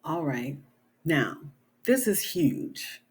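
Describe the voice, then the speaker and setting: A middle-aged woman speaks slowly in a husky, slightly breathy voice. She talks to camera in a casual vlog. Her manner is earnest and conversational, with frequent little check-ins to the listener. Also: low-pitched, very animated. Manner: earnest, conversational, many "you know" and "right?" tags. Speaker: author.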